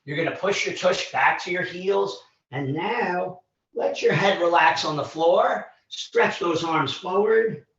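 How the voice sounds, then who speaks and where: A winded male trainer gives slow cues in a high-pitched, fairly bright voice, sounding far from the mic in an echoey room. Encouraging, he counts down reps and calls moves during a live virtual workout, and the livestream sound is dull.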